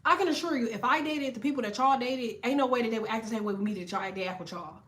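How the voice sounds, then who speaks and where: A woman tarot reader talks straight to the camera in a casual rant. Her voice sits somewhat high, and she tells her story in a blunt, heavily profane, animated way. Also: fast.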